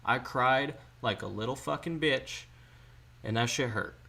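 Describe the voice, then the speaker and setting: A man's voice: mid-range voice, measured pace, gravelly, pushed and bright, breathy edge. A man hosting a casual livestream chat, telling candid stories and swearing freely as he answers viewers. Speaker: livestream host.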